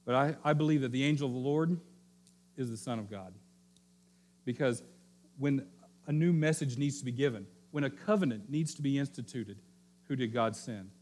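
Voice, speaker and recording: Preaching at a moderate pace with long pauses, a pastor gives a teaching sermon, returning to key phrases and checking in with the congregation. At times he lowers his voice to a quiet hush for emphasis.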